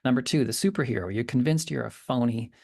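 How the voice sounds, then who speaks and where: A man teaching a course module in a relaxed, hesitant way, often pausing and restarting. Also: medium pitch, gravelly. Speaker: course instructor. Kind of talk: lecture.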